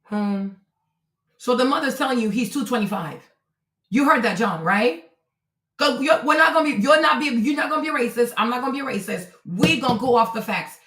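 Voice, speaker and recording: A woman's voice: on the high side, lively intonation, brisk, a bit bright, reverberant, slight background noise. A woman hosting a live-stream commentary, talking bluntly and profanely as she lectures a viewer in her chat. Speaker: livestream host.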